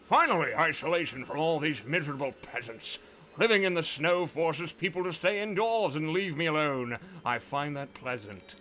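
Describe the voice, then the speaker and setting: A man's voice: a little high, animated, moderate pace, sharp tone, rough recording. A man voicing a grumpy, greedy old tax collector in a put-on British accent, with a haughty, disdainful drawl.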